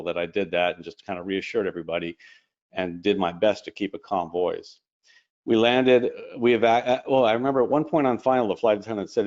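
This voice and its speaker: A man, an airline captain, telling a story in a casual interview, quick and animated with quoted dialogue. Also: fairly low pitch. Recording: dull lo-fi stream audio.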